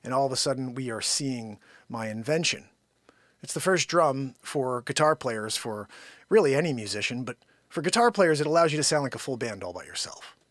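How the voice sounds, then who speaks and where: A man hosting a daily live comedy stream, rambling and joking, swinging from loud bursts to muttered asides. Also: mid-range voice, lively intonation, fairly quick, no room sound, clean studio sound. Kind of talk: unscripted live comedy chat. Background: his own intro song playing.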